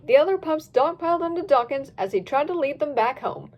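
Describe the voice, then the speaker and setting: Woman reading a lively storybook. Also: high-pitched, a little fast, highs cut off. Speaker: reader. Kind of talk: storybook narration of fan fiction.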